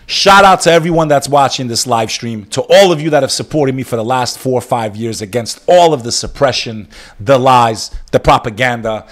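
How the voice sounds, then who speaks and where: A man hosting a live stream monologue, switching between fiery, profane exhortation and somber, quiet reflection on loss. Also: mid-range voice, moderate pace. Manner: subdued and somber when speaking of loss.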